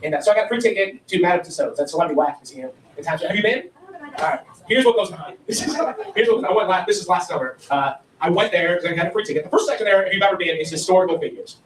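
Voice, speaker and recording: High-voiced man rambling through a stand-up set. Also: rapid-fire. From Ohio, USA. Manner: rambling storytelling with frequent laughs. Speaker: stand-up comedian. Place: comedy club stage with audience. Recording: roomy, distant live venue recording.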